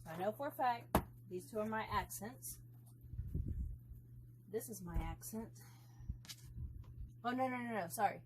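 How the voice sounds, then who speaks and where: A woman's voice: fairly high pitch, a little slow, long pauses, noisy background. A woman vlogging as she quilts, rambling and blunt, swearing freely as she works through her steps. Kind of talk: casual chat while crafting.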